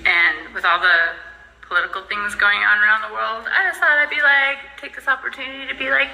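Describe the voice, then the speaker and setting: A woman's voice: mid-range voice, steady tone, a little fast, creaky, bright, forceful tone, low-quality recording. A woman chatting casually and joking while she works on a boat. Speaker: boat owner working on the refit. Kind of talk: casual chat.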